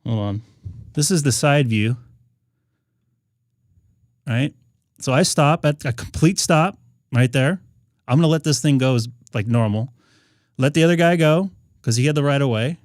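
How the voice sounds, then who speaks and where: A man with a mid-range, darkish voice hosts a ham radio live stream, talking casually and rambling with frequent fillers and restarts. The sound is dry and studio-clean.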